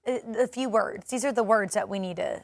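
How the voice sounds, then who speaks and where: A woman's voice: mid-range voice, a little fast, vocal fry, dry recording. Woman, Arkansas Southern accent, playful, opinionated, morning show chat, dry close sound. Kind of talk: casual chat.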